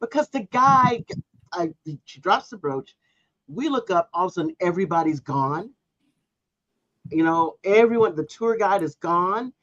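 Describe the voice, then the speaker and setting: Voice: mid-range voice, lively intonation, unhurried, a bit bright, no echo, highs cut off. A podcast co-host in casual chat, telling a story and arguing her point with emphatic disbelief.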